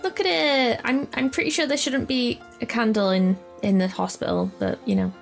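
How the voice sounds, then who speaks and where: A woman's voice: a little high, moderate pace, creaky, soft background music. A woman reading as an earnest young hospital worker. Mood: excited.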